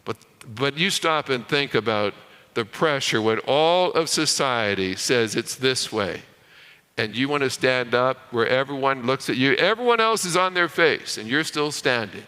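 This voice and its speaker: Man, sermon preacher, bright crisp voice, storytelling, hushed on key lines, big hall reverb. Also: medium pitch, animated, moderate pace. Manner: storytelling, drops to a hush on key lines, repeats words.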